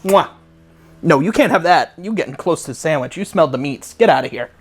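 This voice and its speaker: A man's voice: on the high side, animated, a little fast, slightly rough, soft background music. A man hosting a comedic review video from home, ranting in a sarcastic, profane, rambling way. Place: at home with a dog.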